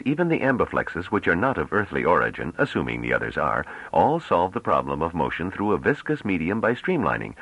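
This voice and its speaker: A man narrating an audiobook in a measured, deliberate way. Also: low voice, fairly bright tone, husky, no room sound, lo-fi sound.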